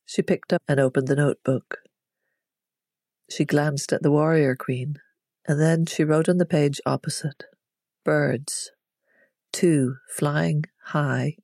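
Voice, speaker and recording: A storyteller reading a story aloud in a calm, measured and even way. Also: medium pitch, no echo, studio quality. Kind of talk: storybook narration.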